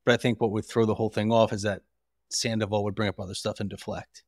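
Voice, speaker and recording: Low-voiced man, calm and measured. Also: no room sound, clean studio sound. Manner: measured, reasoned, often hedges with "you know". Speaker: guest co-host, husband of the host. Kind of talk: casual reality-TV recap chat.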